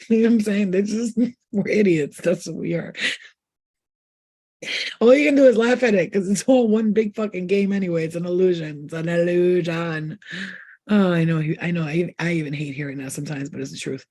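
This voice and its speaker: A woman's voice: fairly low pitch, warm tone, breathy edge. A woman hosting a spiritual channel in a casual late-night live chat from her bed, joking and swearing a lot and laughing often. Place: in bed at home.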